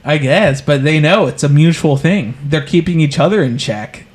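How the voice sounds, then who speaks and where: A young man co-hosting a podcast in casual chat, telling crude, animated stories and acting out the scenes. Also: on the high side, moderate pace. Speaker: podcast co-host.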